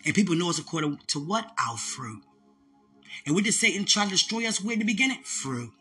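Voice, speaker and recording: Preacher for a fervent call-and-response sermon, with a bright, forceful tone that swings from high and loud to low and hushed. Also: big pitch swings, fairly quick, faint music behind.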